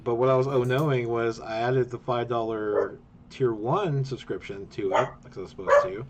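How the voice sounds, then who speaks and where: A man's voice: mid-range voice, fairly even intonation, normal speed, lo-fi sound, a little hiss or hum. A man narrating a tabletop game as game master, chatty, with many fillers and frequent laughs.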